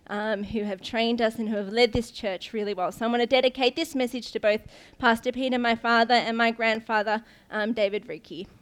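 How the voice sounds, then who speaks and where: A woman's voice: mid-range voice, clean tone. A young woman giving an informal sermon to her church, telling stories in a chatty way with lots of ums and restarts. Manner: chatty, laughs often, many ums and restarts. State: briefly tearful. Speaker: guest preacher, pastor's daughter.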